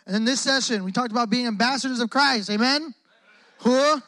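A young man preaching a lively call-and-response sermon in a church hall, joking often and using lots of casual slang. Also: extremely high pitch, a little fast. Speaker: guest preacher. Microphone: close microphone on the speaker.

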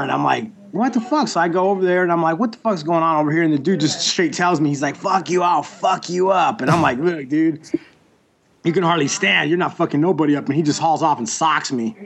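A young man, a tattoo artist, telling stories in a casual, laid-back way and swearing freely. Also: a little high. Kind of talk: casual chat.

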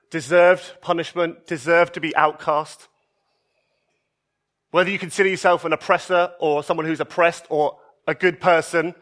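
Expressive high-voiced male preacher. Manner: expressive, shifts between emphatic highs and soft low passages. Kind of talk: sermon.

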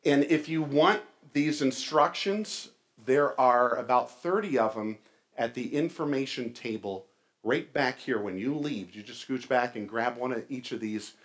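A man's voice: medium pitch, a little slow, a bit bright. A man as pastor, giving a casual sermon with a joke and church announcements, chatty with fillers and restarts.

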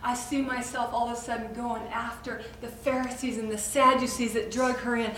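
A woman preacher in an impassioned sermon, swinging between loud outbursts and near whispers. Her high voice rings through an echoey room, caught from a distance with faint ambience behind. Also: flat delivery, normal speed, hardly any pauses, slight background noise. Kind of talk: dramatic sermon to a women's audience.

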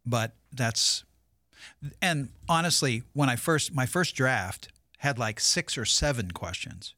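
A man's voice: medium pitch, animated, takes it slowly, sharp tone, no room sound, clean studio sound. A man, a pastor, explaining his preaching in a thoughtful, easygoing casual chat.

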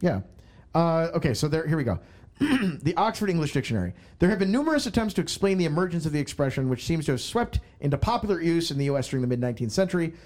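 A man's voice: on the high side, very animated, quick pace, darkish tone. Joking podcast host man. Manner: joking, reads aloud with stumbles and laughs. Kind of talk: casual chat.

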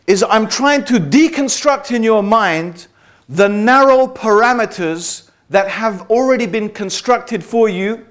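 A man giving a public talk to a live audience, conversational and wry, often checking in with "okay?" and "right?". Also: high-pitched. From Britain. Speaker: speaker addressing an audience.

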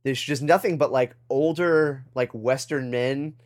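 A young adult man casually telling a rambling travel story on a podcast, breaking into loud laughs. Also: medium pitch, unhurried. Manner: rambling, laughs loudly at punchlines. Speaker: podcast co-host.

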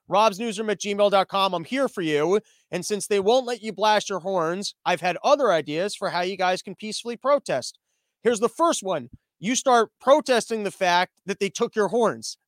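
High, smooth-voiced sarcastic podcast host. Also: male voice, moderate pace, no room sound. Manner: sarcastic riffing with stammered restarts. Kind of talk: comedic commentary on a livestreamed podcast. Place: small room that is not soundproofed.

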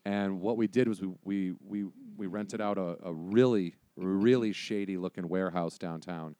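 A man tells a story in relaxed chat and acts out the different voices as he goes. His voice sits fairly low. The sound is dry and close to the mic. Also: moderate pace, dry recording. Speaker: guest telling a story.

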